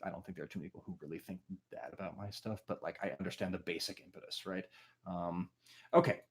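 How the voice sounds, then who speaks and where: Man, musician talking to a live-stream crowd, lowish voice, loose and rambling, plenty of ums. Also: steady tone, fast talker, slightly rough. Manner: rambling, full of fillers, self-deprecating. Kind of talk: casual chat with a livestream audience.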